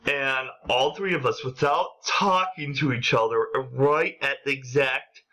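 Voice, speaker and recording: Slow-talking bright young man vlogging. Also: medium pitch, poor audio. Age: young adult. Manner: animated, acts out quotes in a raised voice. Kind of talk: casual storytelling vlog.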